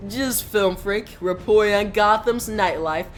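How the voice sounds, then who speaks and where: A man's voice: high voice, measured pace, a little hiss or hum, pitched above the performer's own voice. A man voicing a manic male villain who hosts a mad tea party, speaking in a raised, theatrical and gleeful voice.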